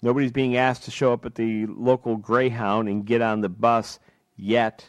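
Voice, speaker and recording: A man's voice: mid-range voice, little pitch movement, moderate pace, no echo. A man hosting a talk radio show, delivering an impassioned political monologue full of rhetorical questions from a studio microphone.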